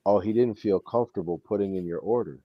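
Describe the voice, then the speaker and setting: Talking fast in a fairly low voice, this New York–accented man is a co-host spinning an animated story in casual conversation, playing the parts of the people he quotes. The recording is dry, with dull lo-fi sound.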